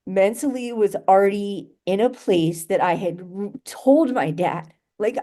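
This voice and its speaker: A woman's voice: medium pitch, moderate pace, mellow. A young adult woman telling a painful personal story in an interview, rambling and full of "like" and "you know" as she restarts her sentences.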